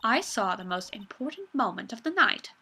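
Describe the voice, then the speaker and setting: A woman's voice: a little high, big pitch swings, moderate pace, pushed and bright, exaggerated voice. Woman doing a pompous scolding old lady. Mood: haughty. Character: haughty, nosy old female security guard.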